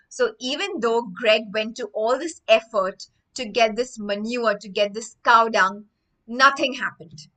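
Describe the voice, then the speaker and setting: Bright-voiced woman teaching English words. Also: fairly high pitch, a little slow, rough recording. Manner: explains words with strings of synonyms, keeps asking "right?". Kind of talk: online vocabulary lesson with story reading.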